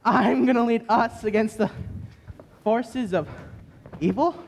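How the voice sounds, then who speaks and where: Teen boy as a cowardly lion, very high voice, blustering and boastful, school stage play. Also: slow, vocal fry, slight background noise, heavily acted. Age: teens. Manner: blustering, boasting then backing down. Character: cowardly male lion, blustering but timid.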